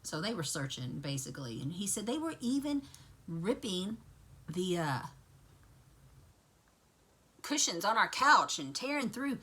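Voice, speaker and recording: Lively, bright-voiced woman vlogger. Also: lowish voice, measured pace, pauses often, slightly rough. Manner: chatty, lively storytelling with asides. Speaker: vlogger recapping a TV episode. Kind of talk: casual retelling to camera.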